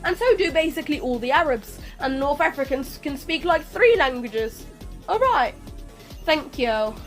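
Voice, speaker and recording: Young woman, high voice, sassy lecturing monologue to camera, soft music bed. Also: animated, moderate pace. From Palestine. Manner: sassy, lecturing, rhetorical questions. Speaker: video creator. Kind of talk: speaking to camera over a speedpaint.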